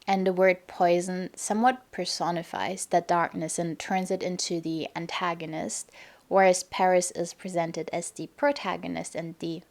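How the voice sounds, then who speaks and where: Thoughtful lower-voiced woman podcaster. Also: little pitch movement, normal speed, vocal fry, a little mellow. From Germany. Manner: thoughtful, analytical, reads verse aloud. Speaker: podcast host. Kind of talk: casual explanatory monologue on poetry.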